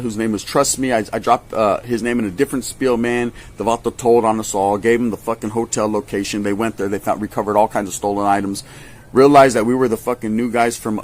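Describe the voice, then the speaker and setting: A man tells a story from his past in casual slang, swearing often and acting out other people's voices. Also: medium pitch. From California. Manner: animated, acts out voices, swears a lot.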